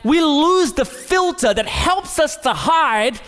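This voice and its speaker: High-voiced preacher in a reverberant hall. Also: male voice, lively intonation, slow pace, soft background music. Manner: preaching with sudden rises and quiet drops. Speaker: pastor. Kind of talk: sermon. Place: church hall.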